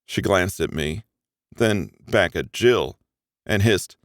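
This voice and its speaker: Male audiobook narrator, low and animated, dry close sound, expressive first-person romance reading. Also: takes it slowly, no room sound.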